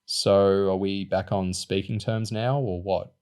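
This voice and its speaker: A man voicing a cheeky, hurried teenage boy. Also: low-pitched, fairly even intonation, darkish tone, clear, resonant tone.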